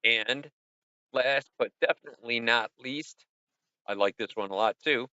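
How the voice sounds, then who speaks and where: A middle-aged man with a bright, forward voice hosts a casual livestream reviewing viewer art, rambling in an upbeat way and tossing in a punchy "boom" now and then. He keeps a measured pace, and the dry, slightly dull sound resembles lo-fi stream audio.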